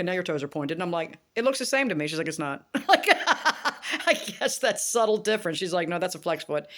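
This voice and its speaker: A middle-aged woman chatting casually to her viewers, laughing often and acting out bits of dialogue. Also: on the low side. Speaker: vlogger. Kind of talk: casual vlog chat.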